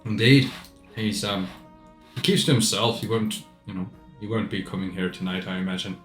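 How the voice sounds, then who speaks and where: A man's voice: fairly low pitch, steady tone, normal speed, echoey room, faint music behind, lightly acted. A man voicing a chatty young half-elf man, son of the pub owner, with an Irish accent and many restarts. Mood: wistful.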